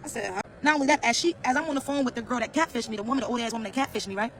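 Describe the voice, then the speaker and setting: A man's voice: very high-pitched, very fast, a bit bright, rough recording. A man telling a casual storytime rant to his viewers, blunt, profane and slangy, repeating phrases as he talks. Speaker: vlogger.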